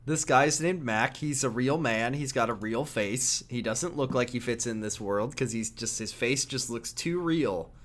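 Male co-host, casual game recap, animated delivery, ordinary mid-range voice. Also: medium pitch, unhurried, few pauses. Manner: animated, acts out character lines.

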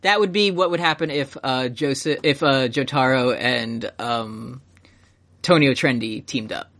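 A man's voice: mid-range voice, fairly bright tone. A man co-hosting a podcast, chatting casually and reading listener questions aloud. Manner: fast, joking, reads listener questions aloud. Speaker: podcast co-host. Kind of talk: casual chat.

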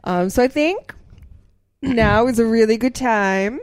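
A woman's voice: fairly high pitch, unhurried, darkish tone, no echo. A woman co-hosting a podcast in casual chat, chatty and full of restarts. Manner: chatty, with many restarts and laughs. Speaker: podcast co-host.

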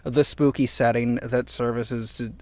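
A man co-hosting a casual podcast chat, talking in an animated, ranting way and swearing freely, getting louder and higher when indignant. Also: unhurried, no room sound. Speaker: podcast co-host.

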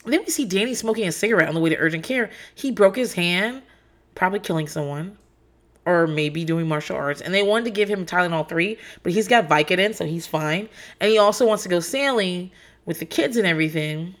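Profane chatty woman, low voice. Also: fairly quick. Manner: candid and profane, storytelling with laughs. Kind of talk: casual chat.

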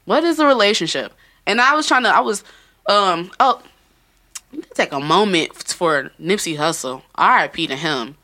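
A woman's voice: fairly low pitch, animated, normal speed, sharp tone. A woman hosting a casual podcast, talking loosely, swearing and laughing often. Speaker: podcast host.

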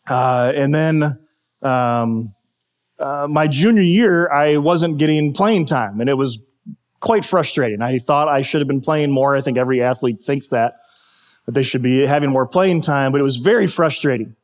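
A man's voice: medium pitch, moderate pace. A pastor telling a personal football story in a sermon, and he acts out his coaches when he quotes them.

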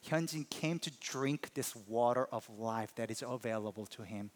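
A man preaching a sermon as a pastor, telling a personal story in an animated, emphatic way. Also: medium pitch, normal speed, few pauses.

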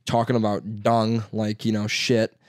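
A man's voice: on the low side, completely flat delivery, unhurried, no room sound, studio quality. A man with a Chicago accent telling rambling, profane stories in casual chat, laughing often.

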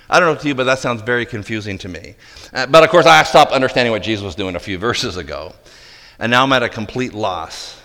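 A man preaching a sermon, dramatic, acting out the disciples' disbelief and dropping to quiet intensity. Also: medium pitch, animated, brisk. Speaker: pastor. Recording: long hall reverb.

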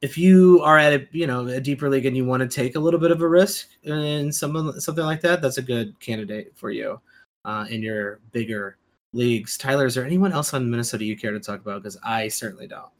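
A man's voice: mid-range voice, fairly even intonation, a little fast. A man hosting a casual fantasy basketball podcast, laid-back and joking. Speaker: podcast host.

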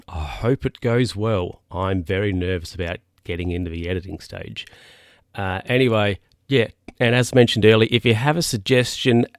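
A podcast host chats casually by himself, rambling off into asides and restarting often. His voice is on the low side, recorded clean in a studio with no room sound.

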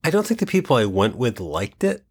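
A man in his forties co-hosting a casual movie podcast, telling animated stories and quoting lines. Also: mid-range voice, brisk, husky. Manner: animated storytelling, mimics film lines. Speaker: podcast co-host. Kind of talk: casual chat about movies.

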